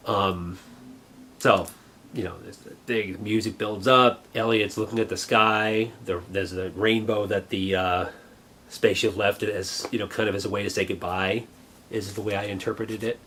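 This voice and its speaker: Earnest low-voiced man reminiscing. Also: steady tone, a bit bright, slight background noise. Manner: earnest, reflective, halting. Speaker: vlogger. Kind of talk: personal reminiscence.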